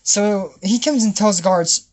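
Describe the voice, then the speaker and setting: A man's voice: high-pitched, unhurried, a little mellow. A young man giving a sarcastic, comedic recap of a cartoon episode and acting out the characters' lines.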